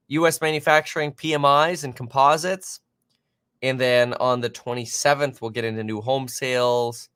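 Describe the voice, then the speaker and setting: A man of average pitch runs a live market stream and talks off the cuff. He rambles and reacts on the spot, correcting himself often and filling pauses with fillers. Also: fairly bright tone, dry recording, studio quality. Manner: many fillers and self-corrections. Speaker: finance livestream host.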